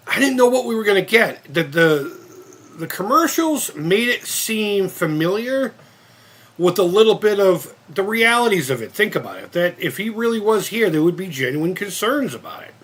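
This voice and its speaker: A man's voice: sits high, animated, moderate pace, fairly bright tone, slightly rough. A man of fifty hosting a casual live-stream chat, rambling and cursing with many restarts. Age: 50s. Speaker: channel host.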